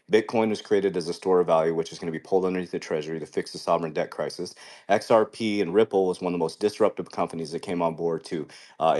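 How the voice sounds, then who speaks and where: A man's voice: sits low, darkish tone. A man hosting a crypto show, talking in a fervent, preachy motivational way and swearing casually. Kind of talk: motivational live-stream talk.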